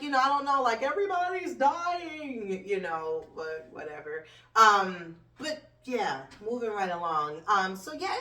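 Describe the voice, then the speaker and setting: Brash, foul-mouthed woman ranting. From United States. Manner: blunt, swearing, animated swings in pitch. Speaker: host. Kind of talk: profane comedic rant. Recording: roomy echo, distant from mic.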